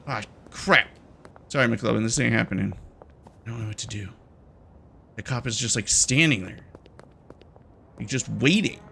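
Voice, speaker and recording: A man's voice: mid-range voice, gravelly, a bit bright, a little hiss or hum. A young man giving casual, jokey and nervous commentary while playing a game, talking to its characters. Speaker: gaming YouTuber.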